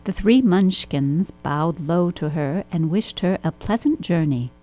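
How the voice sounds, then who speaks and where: A woman narrating a children's storybook with a steady, expressive reading. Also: lowish voice, unhurried, low-quality recording.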